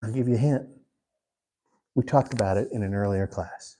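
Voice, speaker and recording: A man teaching a Bible class in an unhurried way, putting questions to the class. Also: on the low side, mellow, a little hiss or hum. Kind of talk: interactive Bible class lesson.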